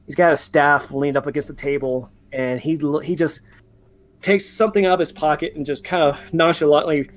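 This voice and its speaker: A man's voice: a little high, fairly even intonation, a little fast. A man narrating as game master in a tabletop game, talking loosely with many fillers and restarts.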